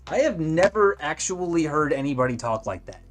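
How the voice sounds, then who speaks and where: On the high side and sing-song, this man talks fairly quickly over soft background music. An animation streamer from California with the local accent, he rambles casually while drawing, full of likes and restarts.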